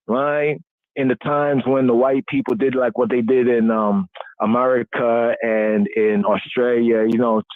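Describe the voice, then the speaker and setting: A male podcast host teaches scripture on a call-in radio podcast, using a steady, repetitive cadence, circling back over phrases and checking in with frequent "right?" tags. His middle-pitched voice comes through dry, tinny, narrow phone-line audio with no room echo.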